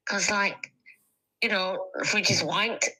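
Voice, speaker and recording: A man's voice: high voice, steady tone, slow pace, pushed and bright, slightly rough, low-quality recording. A man leaving a giggly, hesitant voice note, full of "uh"s, addressing the host as "sir", played back from a phone.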